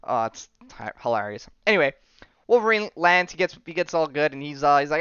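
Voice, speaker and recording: A young man hosts a casual comic book podcast, rambling through the story, laughing and acting out the characters' lines. His voice sits a little high and sounds smooth. The recording is dry and somewhat dull. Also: sing-song, a little fast, fairly bright tone, dry recording. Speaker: podcast host.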